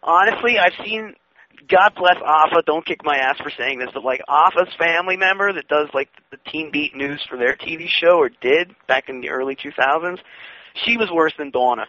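A man's voice: on the high side, normal speed, pushed and bright, no room sound. Crude, joking man on a lo-fi podcast. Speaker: podcast co-host. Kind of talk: casual chat. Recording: muffled lo-fi audio with faint hiss.

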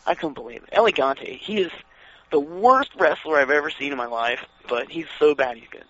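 A man in casual chat, excitedly telling wrestling stories and acting out what others said. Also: on the high side, brisk. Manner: excitable, acts out quoted voices, laughs while telling. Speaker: wrestling fan guest. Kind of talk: casual chat, animated storytelling. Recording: dull lo-fi radio sound.

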